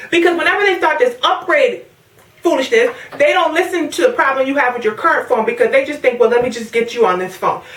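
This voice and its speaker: A young woman from the Caribbean vents in a sassy, animated way, her voice a touch high. She sounds set back from the mic, in an echoey room. She is pregnant and chatting casually to her viewers. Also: fast, far from the mic. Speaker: vlogger. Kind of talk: casual rant to camera.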